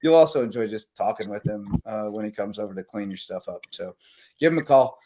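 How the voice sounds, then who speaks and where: A man's voice: fairly low pitch, brisk. Tired, rambling man hosting late-night sports talk. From South Carolina Lowcountry. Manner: rambling, energetic, reading sponsor shout-outs. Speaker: sports talk show host. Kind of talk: casual late-night live sports chat.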